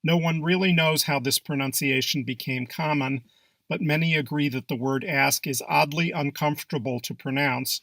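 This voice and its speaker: A man delivers a scripted English pronunciation lesson in an even, measured way. His voice is bright and edged with a gravelly fry. The recording is dry and close, with no room sound. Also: fairly high pitch, no echo. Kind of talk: scripted narration.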